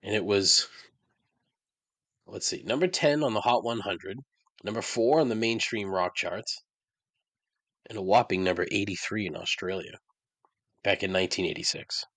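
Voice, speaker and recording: A man's voice: fairly low pitch, normal speed, long pauses, fairly bright tone, no room sound. A man hosting his own podcast, ranting about songs he hates with sarcasm and frequent swearing. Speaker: podcast host. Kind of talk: casual monologue.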